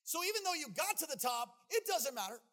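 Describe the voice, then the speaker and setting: A man preaching a sermon, telling a story with animation and building to shouted peaks. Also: extremely high pitch, big pitch swings, a little fast, soft background music.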